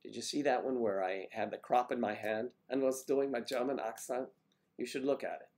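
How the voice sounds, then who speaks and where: An older man hosting a casual livestream, chatting warmly with viewers by name and rambling through stories. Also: medium pitch, steady tone, fairly quick. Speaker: livestream host reading viewer comments. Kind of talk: casual chat.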